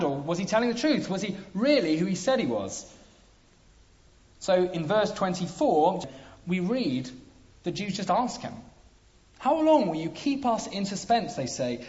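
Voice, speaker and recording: A man preaching a sermon, emphatic, with dramatic pauses. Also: on the high side. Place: church hall. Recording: dull lo-fi sound.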